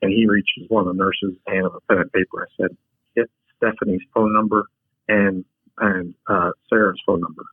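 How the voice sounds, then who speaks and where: A man's voice: deep voice, level tone, moderate pace, breathy edge, dry recording. A man telling a frank personal story as a podcast guest, a take-charge talker who often restarts his sentences. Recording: tinny phone-like line.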